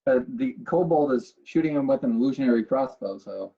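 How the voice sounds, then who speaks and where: A man's voice: mid-range voice, expressive, a little fast, breathy edge, narrow, tinny audio. A man playing in a tabletop game, asking rules questions with hesitant fillers. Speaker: player.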